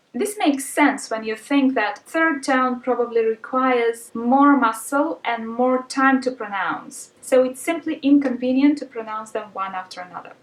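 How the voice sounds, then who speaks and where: A woman's voice: fairly high pitch, normal speed, few pauses. A woman language teacher patiently explaining pronunciation rules, sometimes adding fillers as she goes. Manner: patient and instructive, with occasional fillers. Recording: roomy sound from a distance.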